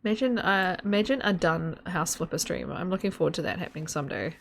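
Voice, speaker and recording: A woman chats her way through a live game stream, rambling and giggling as she goes. Her voice sits low with a gravelly fry, and the talk is loose and off-the-cuff, aimed at her viewers. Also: lively intonation, fast, slight background noise. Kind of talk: casual live-stream chat while gaming.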